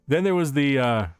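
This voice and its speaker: A man's voice: a little high, clean tone, no echo, studio quality. Rambling man chatting on stream. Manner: rambling, animated storytelling with many restarts. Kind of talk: casual chat.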